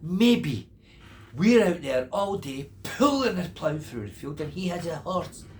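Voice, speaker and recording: A grandad doing jealous, nagging pub farmers. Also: male voice, mid-range voice, sing-song, a little slow, a little hiss or hum. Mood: indignant. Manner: envious and insistent. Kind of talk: storytelling.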